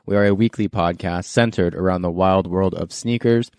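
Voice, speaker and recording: A man's voice: deep voice, fairly even intonation, moderate pace, a little mellow, clear, resonant tone, dry recording, clean studio sound. Laid-back joking male podcast host. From Canada. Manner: laid-back, jokey, laughs often. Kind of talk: casual chat.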